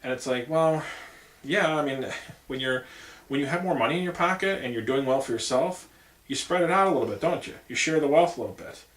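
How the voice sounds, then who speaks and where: A man's voice: mid-range voice, fairly quick, a bit bright. A man giving a casual political monologue as a campaign vlogger, rambling with many asides. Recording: echoey room.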